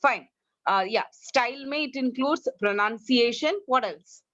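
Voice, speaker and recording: A woman's voice: on the high side, normal speed, a bit bright, no echo, highs cut off. Indian woman teaching an online English class. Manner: corrects pronunciation, drills students. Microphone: online class, video call.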